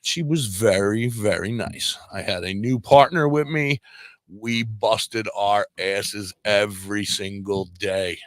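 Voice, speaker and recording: A man's voice: lowish voice, takes it slowly, dry recording. A man, a podcast guest and radio DJ, telling a story casually and acting out the dialogue he quotes. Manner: animated, acts out quoted dialogue. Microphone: podcast microphone.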